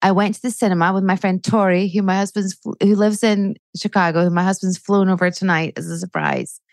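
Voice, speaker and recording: A woman's voice: mid-range voice, steady tone, brisk, no room sound. A woman in her forties, a comedian chatting as a podcast guest, swearing freely and ranting with rising energy. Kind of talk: casual chat.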